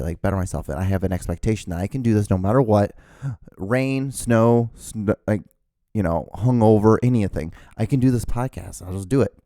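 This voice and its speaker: Rambling low-voiced man with a mellow tone. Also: no room sound, studio quality. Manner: rambling, profane, many restarts. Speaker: podcast host. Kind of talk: solo podcast rambling.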